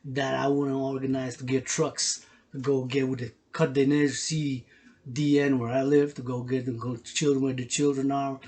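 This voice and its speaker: A man's voice: mid-range voice, little pitch movement, normal speed, a little mellow. A man giving a rambling, emotional vlog monologue, repeating himself, swearing freely and talking in casual street slang. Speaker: workout video host.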